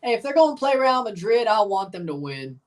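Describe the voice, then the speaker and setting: A woman's voice: medium pitch, sing-song, fairly quick, recorded from a distance. A woman streamer gives live reactions over a soccer match. She teases her viewers with loose, profane banter and slips into little sing-song chants between calls of the minute. Her talk is unscripted, like a fan on the couch. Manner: banters with viewers, swears, chants and sings along. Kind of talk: live watchalong commentary.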